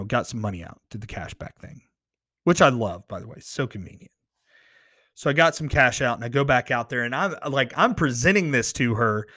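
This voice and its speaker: A man's voice: medium pitch, no room sound, clean studio sound. Earnest man telling a faith story. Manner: earnest and excitable, restarts phrases when worked up. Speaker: podcast host. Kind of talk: personal faith story told to camera. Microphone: close studio microphone.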